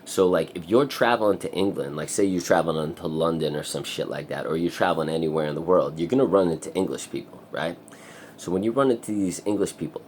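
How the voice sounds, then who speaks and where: Man, very deep voice, rambling and profane, casual vlog monologue, faint room noise. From United States. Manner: profane, rambling, breaks into loud high singing. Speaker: vlogger.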